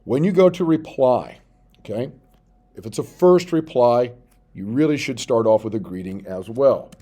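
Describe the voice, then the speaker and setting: Mellow-voiced male teacher explaining emails. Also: medium pitch. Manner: explains step by step, reads out sample text slowly while typing. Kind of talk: screen-recorded tutorial.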